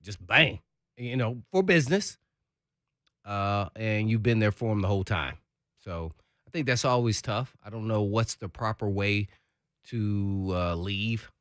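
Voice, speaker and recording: A man's voice: on the low side, a little slow, a bit bright, no room sound, studio quality. A man co-hosting a sports radio show, talking in a rambling, earnest way full of fillers. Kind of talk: casual sports talk.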